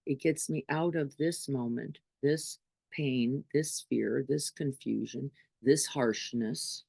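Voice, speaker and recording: A middle-aged woman with a very deep, gravelly, mellow voice and a breathy edge speaks slowly, with no room sound. She is a teacher giving an informal spiritual talk to a group. Her delivery is conversational, and she keeps checking in with her listeners, often asking "right?"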